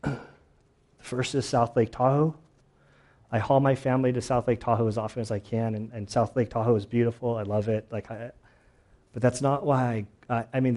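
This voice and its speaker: A man's voice: mid-range voice, darkish tone. A middle-aged man preaching a sermon as pastor, earnest and personal, telling stories from his own life and at times choked up. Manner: earnest, personal storytelling, voice breaking with emotion.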